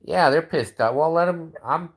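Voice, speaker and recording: A man's voice: fairly high pitch, normal speed, slightly rough. A man hosting a livestream, ranting in a profane, rambling way and restarting his sentences often. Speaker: livestream host. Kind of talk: casual livestream rant.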